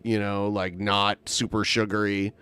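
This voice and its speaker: Rambly podcast dude, smooth clear voice, lots of likes and uhs, dry close mic. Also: male voice, fairly low pitch, flat delivery, unhurried, bright, forceful tone, dry recording. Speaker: podcast co-host. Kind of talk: casual chat.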